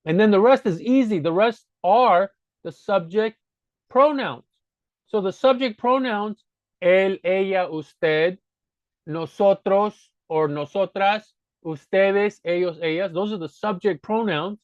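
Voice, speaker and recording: Speaking a little slowly in a slightly high voice, a language teacher gives a casual spoken grammar lesson, patiently going back over each idea to drive it home. The audio is dull, dry, and lo-fi, with no room echo.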